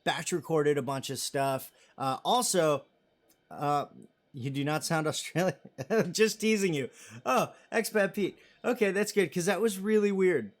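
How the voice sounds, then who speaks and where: His voice sits on the high side and he takes his time. In his thirties, he's hosting a live stream, casually rambling while reading comments from viewers and making self-deprecating jokes.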